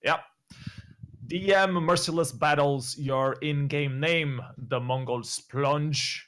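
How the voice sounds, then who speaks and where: A man's voice: on the high side, steady tone, slow pace, fairly bright tone. A man whose first language is not English, casting an esports livestream with playful, joking banter. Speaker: esports caster.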